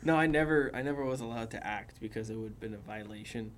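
A man co-hosting a podcast, telling animated stories in casual chat and laughing often. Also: lowish voice, fast talker, a crowd in the background. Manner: animated storyteller, laughs a lot. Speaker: podcast co-host.

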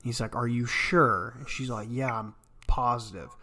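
A man's voice: mid-range voice, normal speed, bright, forceful tone. A man from Arkansas, co-hosting a podcast and telling rambling stories that he laughs through. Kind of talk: casual storytelling chat.

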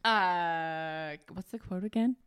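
A woman co-hosting a podcast in casual chat, playful and quick to giggle. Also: on the low side, a bit bright, slight background noise. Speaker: podcast co-host.

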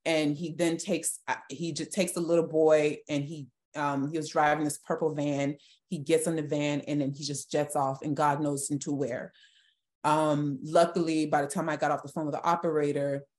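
A young woman with a low, deep voice recounts her own story as a podcast guest. She speaks earnestly and emotionally, often stopping and restarting her sentences. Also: a little mellow. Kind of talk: personal testimony in a podcast interview.

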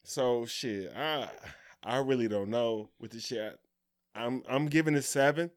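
A man co-hosting a podcast, chatting casually about basketball, profane and animated, acting out quotes and laughing often. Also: mid-range voice, unhurried. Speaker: podcast co-host. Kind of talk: casual sports chat.

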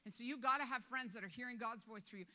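A woman's voice: on the high side, fast talker, bright, forceful tone. Woman preaching in an echoing church. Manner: conversational preaching, quoting scripture, self-interrupting asides. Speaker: pastor. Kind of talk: sermon. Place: church sanctuary with a balcony. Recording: long hall reverb.

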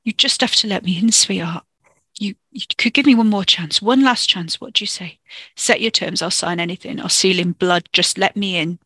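A man's voice: high voice, normal speed, bright, forceful tone, slightly rough, dry recording, heavily acted. The narrator voicing a grieving young man who pleads with a breaking voice, then turns to snarling. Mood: pleading.

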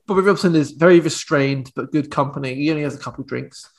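A man's voice: a little high, brisk. A man co-hosting a casual podcast, joking, swearing and laughing as he riffs. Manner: jokey, swears, laughs through his lines. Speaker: podcast co-host. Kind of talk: casual pub-banter podcast chat.

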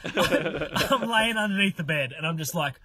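A young man, telling a funny story in casual podcast chat. He is animated, laughs often and swears freely. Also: fairly high pitch, measured pace, slightly rough.

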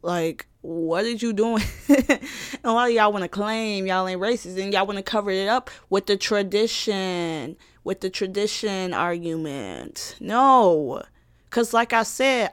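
A woman vlogger giving her opinion in a sassy, animated casual rant with laughing asides. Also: on the high side, no room sound, clean studio sound.

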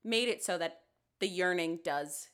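A young woman co-hosting a casual book podcast, relaxed and agreeable. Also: on the low side, unhurried, clean tone. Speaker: podcast co-host. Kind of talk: casual chat.

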